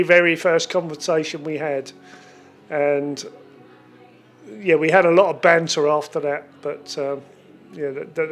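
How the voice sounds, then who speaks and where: A man's voice: on the high side, fairly bright tone. A man, telling a casual, rambling memory as a family friend. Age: 60s. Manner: chatty, rambling, jokey. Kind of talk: casual spoken tribute.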